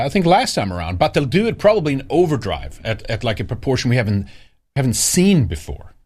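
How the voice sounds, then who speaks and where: Man, livestream host, casual news commentary, rambling, hesitant, animated pitch. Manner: rambling, hesitant, many fillers and restarts. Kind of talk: casual news commentary reading viewer chat.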